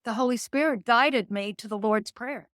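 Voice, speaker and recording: A woman guest on a faith and business podcast who speaks in an earnest, measured, motivational way and slows down to stress key words. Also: a little high, a bit bright, dry recording, studio quality. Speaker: guest entrepreneur. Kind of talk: faith-based business interview.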